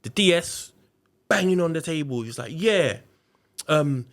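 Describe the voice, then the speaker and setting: A man's voice: on the high side, animated, a little slow. A man tells a long story on a podcast. He talks in a casual, slangy way and leans into it. He jumps into the voices of everyone he quotes. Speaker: podcast guest.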